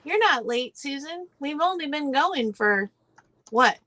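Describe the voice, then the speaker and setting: A woman's voice: sits high, expressive, a little slow, pushed and bright, a little hiss or hum. A woman co-hosting a live stream, giggly and greeting viewers by name. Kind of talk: casual chat.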